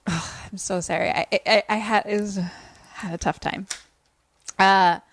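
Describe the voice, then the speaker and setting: A young woman casually recapping a horror movie for a podcast, animated and profane, acting out lines from the film. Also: mid-range voice, measured pace, dry recording. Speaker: podcast co-host.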